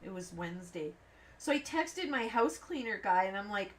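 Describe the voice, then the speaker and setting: A woman's voice: medium pitch, normal speed. A woman hosting a craft channel, chatting and telling rambling stories while she colors, acting out the voices of the people in them. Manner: rambling, animated anecdotes with acted-out quotes. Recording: voice a bit distant from the mic, faint background noise.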